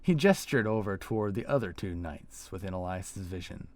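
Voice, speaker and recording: A man reads a fantasy tale aloud as narrator. His voice is very low and deep, and he tells it in a slow, descriptive storytelling manner. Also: expressive.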